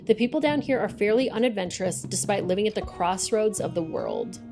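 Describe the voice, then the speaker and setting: A woman reading a refined, well-dressed gentleman. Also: high-pitched, animated, a little fast, music in the background. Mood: polite. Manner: polite, formal read-aloud dialogue. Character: well-dressed male traveler, refined and polite.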